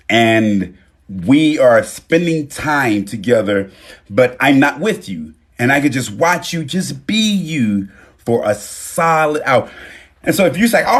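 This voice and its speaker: A man hosting a casual live-stream talk on his phone, animated and profane, swinging between loud bursts and low murmurs.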